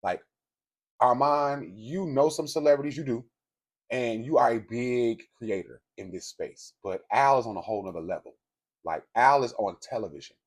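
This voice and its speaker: Husky-voiced man giving blunt gossip commentary. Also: mid-range voice, moderate pace. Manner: blunt, profane, conversational storytelling; speaks directly to viewers. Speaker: commentary host. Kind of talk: casual celebrity gossip commentary.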